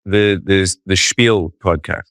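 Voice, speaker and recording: A man's voice: sits low, fairly even intonation, takes it slowly, a bit bright, dry recording, studio quality. A man hosting a podcast in casual chat, joking and swearing freely while on a remote call. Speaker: podcast host. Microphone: remote call, he is far from his guest.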